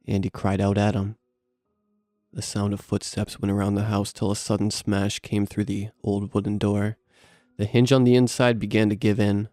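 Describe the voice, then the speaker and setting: A man reading a horror story aloud in steady, grim, scripted narration. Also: lowish voice, normal speed, no echo, studio quality, soft background music.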